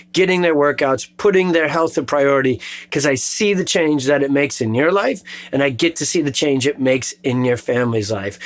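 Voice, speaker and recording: A man, a chiropractor, giving an earnest, encouraging health talk and telling patient stories. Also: a little high. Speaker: chiropractor and show host. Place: clinic in the Chicago suburbs.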